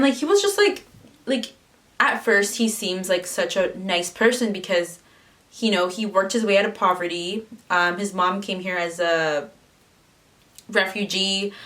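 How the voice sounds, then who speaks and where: A woman's voice: lowish voice, unhurried, fairly bright tone, recorded from a distance. Chatty young woman telling a story. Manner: chatty, lots of "like" fillers. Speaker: vlogger. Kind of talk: casual storytime chat.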